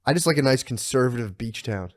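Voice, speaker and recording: Laid-back podcast bro saying "dude". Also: male voice, medium pitch, animated, quick pace, a little mellow. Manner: laid-back, eggs on the other host, says "dude" a lot. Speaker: podcast co-host. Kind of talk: casual podcast banter.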